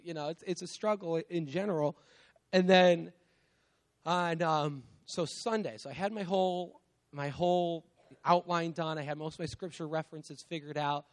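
A man in his thirties, who has young children, giving a casual, conversational sermon, peppering it with "like" and "right?" and laughing at himself. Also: sits high. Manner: conversational, lots of "like" and "right?", self-mocking laughs. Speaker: guest preacher.

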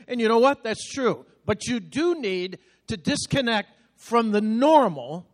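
A middle-aged male pastor with a notably high voice delivers a sermon. He moves from folksy storytelling to fervent, rising exhortation. His voice rings with the long reverb of a large sanctuary. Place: church sanctuary.

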